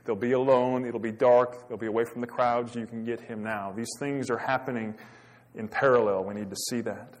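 A man's voice: medium pitch, fairly even intonation, normal speed. A man preaching a sermon, dramatic and full of rhetorical questions. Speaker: pastor.

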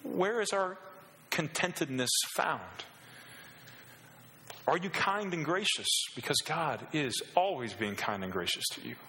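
A middle-aged male pastor delivers a passionate sermon in an echoey church hall, his fairly high voice sharp in tone with lively intonation and a measured pace. He poses rhetorical questions to the congregation and pushes his voice up on key phrases.

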